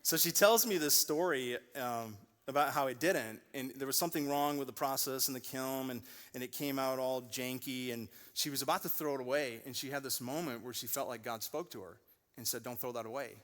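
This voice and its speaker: A man's voice: mid-range voice, brisk. A man in his forties preaching a sermon to a church congregation, telling stories and acting out the voices in them. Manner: animated storyteller, acts out quoted voices. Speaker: pastor. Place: large church auditorium. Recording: long reverb of a church hall.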